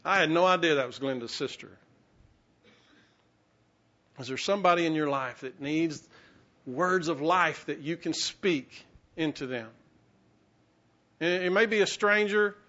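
A man's voice: on the high side, moderate pace, long pauses, pushed and bright. A man preaching a sermon, telling a personal story with self-mocking humor and acting out the voices he quotes. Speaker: pastor. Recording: muffled, lo-fi sermon recording.

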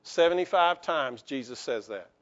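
A lively sermon comes from a male pastor who jokes with his congregation and asks for amens. He speaks at a medium pitch and a moderate pace, captured on a muffled recording.

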